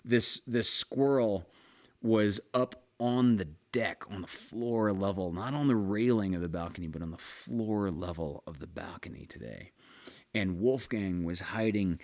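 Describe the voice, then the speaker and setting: A man hosting a casual live music stream, rambling through an animated story with restarts and casual swearing, talking from home. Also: fairly low pitch, unhurried. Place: home, with balcony and fire pit.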